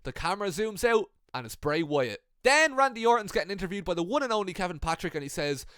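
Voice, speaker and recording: A man casually recounting made-up wrestling storylines in a playful way, with swearing and quick asides. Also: high-pitched, big pitch swings, fairly bright tone, clear, resonant tone, no room sound. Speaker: wrestling fan video creator.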